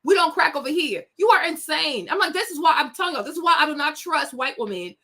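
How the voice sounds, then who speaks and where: A woman's voice: high voice, lively intonation, fast, sharp tone. A young woman hosting a celebrity gossip show, talking in a sassy, indignant way straight to her viewers. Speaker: host. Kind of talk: casual celebrity gossip commentary.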